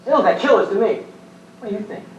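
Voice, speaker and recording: A woman's voice: medium pitch, lively intonation, fast, lo-fi sound, a little hiss or hum, natural voice. A woman playing a sensible, earnest teenage nephew in an amateur stage play, recorded from far off on an echoey stage. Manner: earnest, reassuring.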